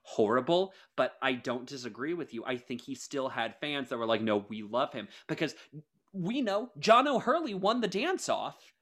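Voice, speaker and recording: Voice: mid-range voice, big pitch swings, normal speed, a bit bright. A podcast co-host in casual chat, arguing in a heated, exaggerated way and pushing their point hard.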